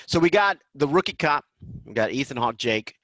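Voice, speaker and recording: An excited man hosts a relaxed podcast talk about a film. He jumps into little acted-out bits as he goes. His voice sounds dry and close, with no room around it. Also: mid-range voice, dry recording. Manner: excited, acts out film lines in quick bursts. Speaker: podcast host. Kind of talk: casual movie discussion.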